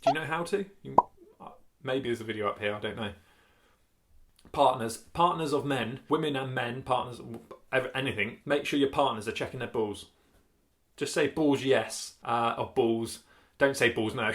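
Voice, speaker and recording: A man's voice: medium pitch, normal speed, a bit bright. A middle-aged man hosting a casual vlog, chatty and joking, often laughing as he talks. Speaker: vlog host. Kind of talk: casual chat.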